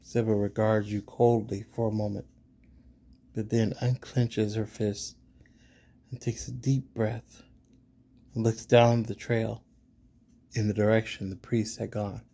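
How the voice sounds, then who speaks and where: Slow, mellow man reading a gamebook. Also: lowish voice, level tone, creaky. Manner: measured reading, casual thinking aloud. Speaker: gamebook narrator and player. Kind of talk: reading an interactive fantasy gamebook aloud.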